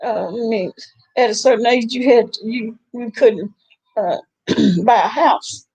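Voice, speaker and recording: Middle-aged woman, high voice, animated, laughing casual streamer chat. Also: slow pace, husky, dry recording, poor audio. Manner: animated, laughing often, rising into high exclaims. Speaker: livestream commentator. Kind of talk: casual chat about online drama.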